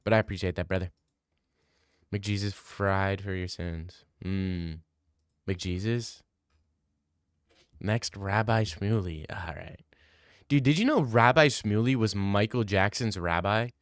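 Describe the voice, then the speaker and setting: A man's voice: on the low side, slow, pauses often, clear, resonant tone, no room sound, studio quality. A young man streaming, chatting casually and joking about fights while thanking donors. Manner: rambling, joking, many restarts. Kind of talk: casual stream chat reading donations.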